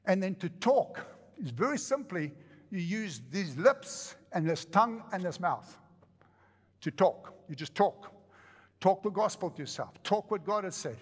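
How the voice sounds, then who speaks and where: A man preaches with a slightly high voice, animated and joking, repeating phrases for emphasis. His voice carries a long reverb through a church hall. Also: unhurried, breathy edge. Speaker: pastor. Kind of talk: sermon.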